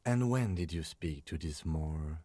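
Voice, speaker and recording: Calm, methodical game detective. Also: male voice, very deep voice, unhurried, no room sound, full character voice. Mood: composed. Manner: level, matter-of-fact.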